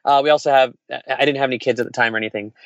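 A man and entrepreneur telling candid stories in casual conversation, frank and animated, acting out quoted voices. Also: medium pitch, very fast, clear, resonant tone, no room sound, muffled recording.

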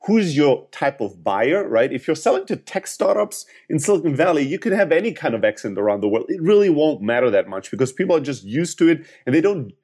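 A man's voice: on the high side, sing-song, a little fast, few pauses, darkish tone, breathy edge. A man explaining sales advice to startup founders in a podcast interview, talking in long, earnest, winding answers.

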